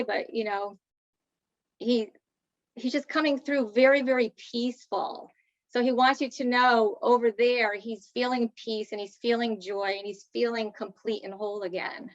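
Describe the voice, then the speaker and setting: A woman giving medium readings as a guest, in a soft, reassuring manner with hesitant fillers. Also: fairly high pitch, dry recording, lo-fi sound. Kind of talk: spiritual reading, casual chat.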